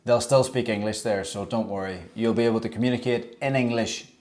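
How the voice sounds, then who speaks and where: A man with an Irish accent co-hosting a travel vlog, who gives tips in a relaxed, chatty way with teasing asides. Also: mid-range voice, quick pace. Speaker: travel vlogger co-host. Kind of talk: casual travel-guide talk.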